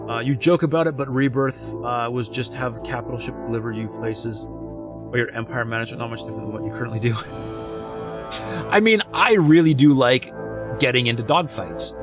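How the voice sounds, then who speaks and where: A man's voice: medium pitch, brisk, over music. A man chatting casually while he plays a space game live, joking and cheering his small wins. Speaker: streamer. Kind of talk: live gameplay commentary.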